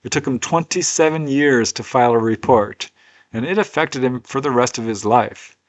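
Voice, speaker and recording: A man's voice: medium pitch, normal speed. A man presenting case studies as a researcher, telling each story in an earnest, conversational way with personal asides. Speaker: UFO researcher and author presenting cases. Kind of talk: unscripted storytelling narration.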